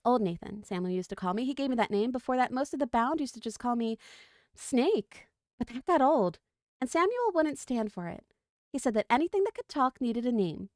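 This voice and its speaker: Wry talking snake, male, matter-of-fact, pitched up, woman reading it out, dry sound. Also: lively intonation, fairly quick, darkish tone, no room sound, close to an everyday voice. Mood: friendly. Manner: matter-of-fact, joking explanations.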